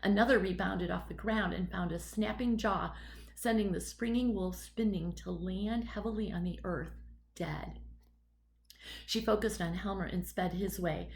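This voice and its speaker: Woman narrating with gravelly fry. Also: mid-range voice, rough recording. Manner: steady, measured storytelling. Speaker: audiobook narrator. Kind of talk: scripted narration.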